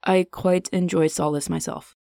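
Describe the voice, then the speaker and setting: A woman reading the lines of a calm, courtly elvish king in a smooth, unhurried voice. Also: lowish voice, no echo, studio quality. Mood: composed. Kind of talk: audiobook character reading.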